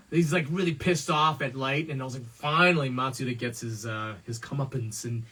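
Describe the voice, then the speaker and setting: A man's voice: medium pitch, a little fast, few pauses, bright, forceful tone. A man, a voice actor, bantering and joking on a livestream panel, laughing often. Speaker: voice actor guest.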